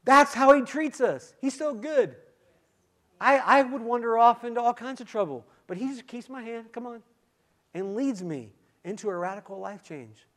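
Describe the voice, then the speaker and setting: A man giving a sermon testimony, swinging from quiet, intimate moments to loud, emphatic calls, with repeated "come on" and "listen". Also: very high-pitched, moderate pace. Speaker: guest speaker giving testimony.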